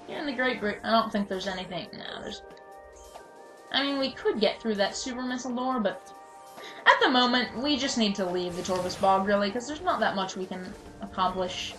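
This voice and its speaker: A woman's voice: medium pitch, a bit bright, poor audio. A woman giving casual gameplay commentary, chatty and self-mocking, with sudden mock-angry outbursts at enemies. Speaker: let's play commentator. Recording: game music behind.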